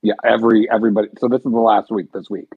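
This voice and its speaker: A young man talks in a relaxed, teasing way, cursing casually. His low voice is gravelly and husky. He comes through a thin, phone-like line with a dry sound. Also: rapid-fire, dry recording. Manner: laid-back, teasing, swearing. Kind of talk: casual podcast chat.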